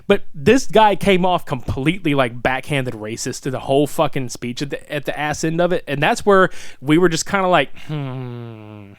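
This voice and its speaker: A man co-hosting a podcast in casual chat, profane and animated, laughing often. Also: a little high, brisk, hardly any pauses, dry recording, clean studio sound. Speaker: podcast co-host.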